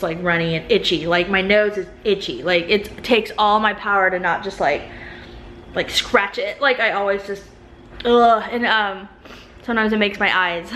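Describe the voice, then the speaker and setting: A woman's voice: medium pitch, fairly bright tone, slight background noise. A young woman vlogging in a casual, rambling chat to the camera, filling her talk with "like". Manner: chatty, rambling, fills with "like". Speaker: family vlogger.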